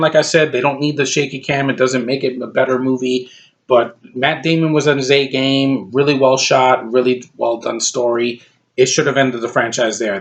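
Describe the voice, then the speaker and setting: A man ranting casually about a film he dislikes, blunt and exasperated, rambling with frequent restarts. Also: mid-range voice. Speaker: movie reviewer.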